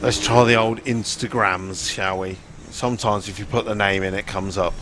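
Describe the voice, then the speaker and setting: A man's voice: on the low side, fairly even intonation, moderate pace, noisy background. A man commentating a live motorsport event, chatty and joking in a laid-back way.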